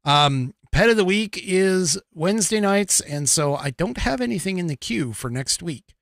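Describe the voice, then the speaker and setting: A man's voice: high-pitched, lively intonation, moderate pace, creaky, fairly bright tone, dry recording, studio quality. A man hosting a podcast, talking in a casual, rambling way with lots of fillers, restarts and frequent chuckles. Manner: chuckles often. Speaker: podcast host.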